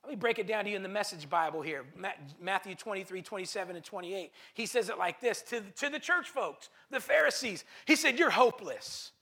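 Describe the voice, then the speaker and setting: Male pastor, high bright voice with gravel, emphatic sermon with repeated lines and calls to the crowd. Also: animated, brisk, hardly any pauses. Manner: emphatic, repeats phrases for stress; calls to the congregation.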